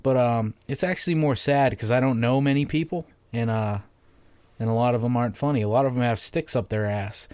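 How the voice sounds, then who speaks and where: A man hosting a casual solo podcast from home, monotonous and deadpan sarcastic, swearing freely into a microphone on a stand. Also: mid-range voice, fairly quick, clean tone, no echo. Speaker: podcast host.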